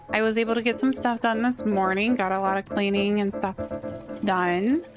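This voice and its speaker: A woman streamer chatting casually and in a relaxed way while playing a game. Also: medium pitch. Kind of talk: casual let's play commentary.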